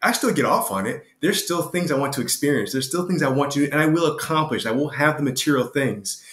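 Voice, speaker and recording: A man's voice: a little high, expressive, fairly quick, a bit bright. Passionate man in an echoey room. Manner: passionate, emphatic, with repeated words. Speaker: guest, retreat co-host. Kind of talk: reflective conversational interview.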